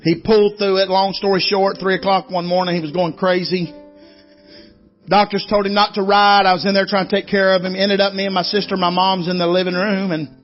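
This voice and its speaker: A guest preacher delivers a Southern revival sermon in a high, level-toned voice at a fairly quick pace. He preaches in a folksy, storytelling way and calls out to the congregation. The recording is muffled, with faint music behind him.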